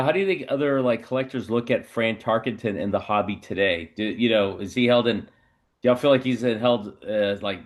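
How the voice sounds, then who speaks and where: A man, hosting a podcast and circling through long, restarting questions. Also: medium pitch. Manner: rambling, restarts his questions. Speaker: podcast host. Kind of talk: casual podcast chat.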